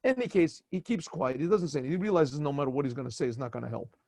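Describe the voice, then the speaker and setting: A man, a rabbi, telling a story in an animated way and acting out each character. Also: on the high side, rapid-fire, no room sound. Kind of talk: storytelling talk.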